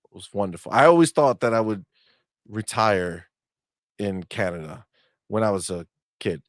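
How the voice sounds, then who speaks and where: A man hosting a podcast in casual, joking, animated banter. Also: fairly low pitch, moderate pace, no room sound, studio quality. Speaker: podcast host. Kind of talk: casual chat.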